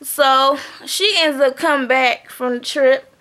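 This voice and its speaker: A woman's voice: sits high, fairly even intonation, slow, sharp tone. A woman recapping a reality TV episode in a blunt, profane, chatty way. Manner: blunt, profane, chatty, often asks "okay?". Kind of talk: casual recap chat.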